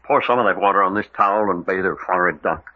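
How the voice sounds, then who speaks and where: Jack Packard, a curt detective leader. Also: male voice, deep voice, fast talker. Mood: commanding. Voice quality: curt, commanding orders. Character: brisk, level-headed male detective leader. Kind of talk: 1940s radio acting. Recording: dull lo-fi old radio recording.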